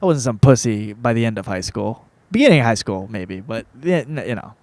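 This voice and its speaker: A man's voice: medium pitch, animated, brisk, darkish tone, no echo. A man in his thirties hosting a podcast, telling his own story in a rambling, laid-back way with plenty of swearing and filler words. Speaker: podcast host. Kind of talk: casual personal storytelling.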